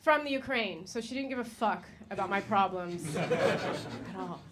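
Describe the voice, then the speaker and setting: A woman's voice: mid-range voice, animated, normal speed. An American woman in her thirties doing a stand-up comedy set, chatty and full of fillers, laughing at her own jokes. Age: 30s. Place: comedy stage. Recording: noisy live stage recording.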